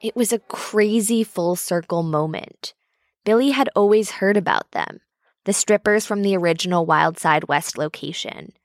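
A woman narrating a documentary in an even, clear way. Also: mid-range voice, normal speed, dry recording, studio quality.

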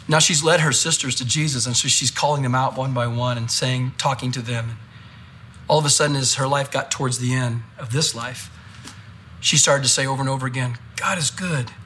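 A male pastor preaching a sermon, telling stories in an animated way and repeating phrases for emphasis. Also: mid-range voice, brisk, slight background noise.

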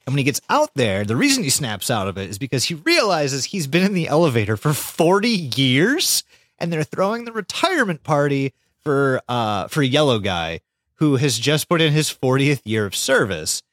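A man co-hosting a podcast, retelling an episode with lots of swearing and squeaky voiced impressions of the characters. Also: big pitch swings, normal speed, fairly bright tone, dry recording, clean studio sound. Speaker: podcast co-host. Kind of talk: casual podcast recap.

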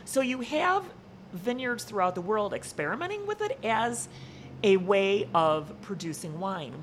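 A woman's voice: medium pitch, wildly swooping pitch, measured pace, a little hiss or hum. A woman guest on a casual podcast, explaining wine in detail and laughing easily.

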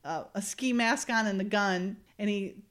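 A woman's voice: medium pitch, normal speed, a bit bright. A woman co-hosting a casual chat, retelling a TV episode in a chatty, storytelling way with lots of filler words. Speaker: podcast co-host recapping a TV episode.

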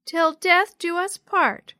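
A woman voicing an earnest little girl, the youngest sister in a storybook, with slow, drawn-out childlike lines. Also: very high voice, sharp tone, no room sound, studio quality, voice pushed up, full character voice.

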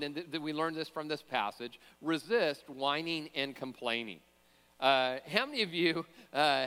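A man's voice: fairly high pitch, fairly bright tone, clear, resonant tone, big-room sound. A man preaching a sermon as pastor, conversational, with joking asides and frequent fillers and restarts.

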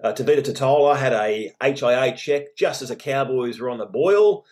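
A man's voice: mid-range voice, normal speed, darkish tone. An Australian man co-hosting a casual rugby league chat, steadily leading the discussion and teasing his co-host. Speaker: podcast co-host.

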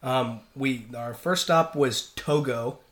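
A man's voice: mid-range voice, takes it slowly, fairly bright tone. A man, a merchant sailor, telling stories in casual chat, rambling with many fillers and restarts. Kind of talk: casual storytelling.

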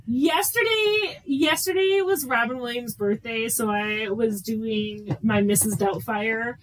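Brief: woman co-host, fairly high voice, excitable and rambling, quick to laugh, faint hiss behind. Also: poor audio. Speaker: podcast co-host. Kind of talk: casual chat.

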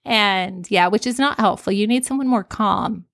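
A woman in her thirties co-hosting a podcast, telling stories in a casual, animated way and laughing often. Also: medium pitch, moderate pace, vocal fry, no room sound, clean studio sound. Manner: animated storytelling, laughs often, acts out panicked quotes. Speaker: podcast co-host. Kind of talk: casual chat.

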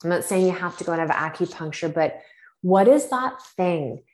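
Low-voiced woman telling a story. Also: moderate pace, roomy sound. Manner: animated, acts out her own reactions, many fillers. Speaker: podcast guest. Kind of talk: casual storytelling chat.

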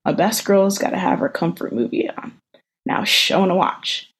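A woman reading the lines of a gentle, doting boyfriend who is a soldier, in a soft, tender manner. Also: mid-range voice, fairly even intonation, normal speed, husky.

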